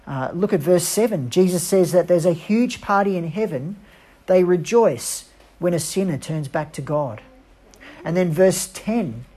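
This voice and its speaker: A woman preacher giving an earnest, emphatic sermon with dramatic pauses. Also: on the low side, mellow, husky.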